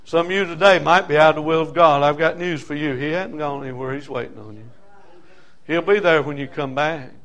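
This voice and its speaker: An older preacher, a man with a fairly high voice, delivers his sermon with fervor. He drives his points home through rhythmic repetition and breaks into folksy asides along the way. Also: fairly quick, a bit bright.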